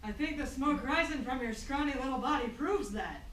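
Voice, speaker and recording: A woman's voice: high voice, normal speed, a bit bright, slight background noise. A woman playing a bossy giant's wife who scolds in a folksy rural way in a stage skit. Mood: scolding. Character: bossy, nagging giant's wife in a hillbilly style. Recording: echoey room from far off.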